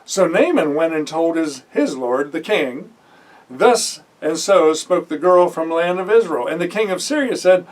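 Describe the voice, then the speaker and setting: A Bible teacher, his voice a little high, expressive and a little slow, reads a passage of scripture and stops to talk about it conversationally during a sermon. He uses frequent fillers and self-corrections, and he sits far from the mic on a low-quality recording.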